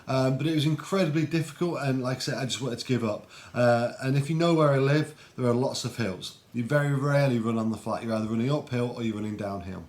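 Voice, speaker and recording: A man's voice: medium pitch, a little fast. Earnest man, reflective talk. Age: adult. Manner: earnest and reflective, with frequent ums and restarts. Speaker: Christian video host. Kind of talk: casual devotional talk.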